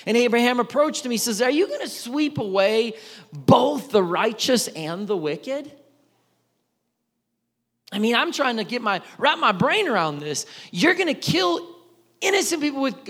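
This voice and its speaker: A man preaching a sermon, telling the story with animated voices for each side of the dialogue. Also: extremely high pitch. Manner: animated storytelling, acting out both sides of the dialogue. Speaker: pastor. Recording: long hall reverb.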